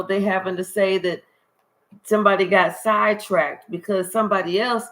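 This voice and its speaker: A woman giving an intuitive spiritual reading to her viewers, talking emphatically and repetitively, swearing freely and rising into high, exasperated outbursts. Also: poor audio. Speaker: spiritual card reader.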